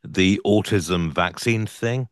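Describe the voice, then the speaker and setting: A man joining a casual tech chat as panelist, with measured, thoughtful asides. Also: low-pitched, dry recording, studio quality.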